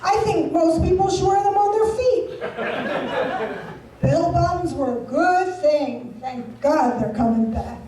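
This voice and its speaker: Brash woman stand-up, high and slow, bawdy crowd work; live echoey venue, mic at a distance. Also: warm tone, a little hiss or hum. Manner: bawdy, brash, chatty with the audience. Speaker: stand-up comedian. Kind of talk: stand-up comedy set. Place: resort event room, live show. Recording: echoey venue from far off, with audience.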